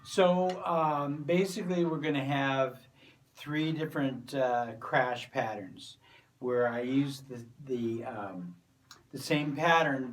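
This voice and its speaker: A man's voice: mid-range voice, slight background noise. Man teaching a drum lesson, from across the room. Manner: relaxed, explaining step by step with fillers. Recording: voice from a distance from the mic. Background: drum kit and cymbals.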